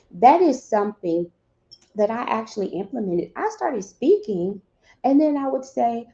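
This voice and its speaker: A woman's voice: a little high, lively intonation, unhurried, warm tone, dull audio. A woman speaking earnestly and directly to grieving parents, giving advice and acting out little dialogues between spouses. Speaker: grief counselor speaking to bereaved parents.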